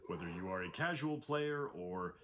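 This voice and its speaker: A man's voice: sits low, normal speed, crowd noise. A man voice actor giving a playful, wry video message with a joking manner. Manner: playful, wry, animated delivery. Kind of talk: casual recorded message.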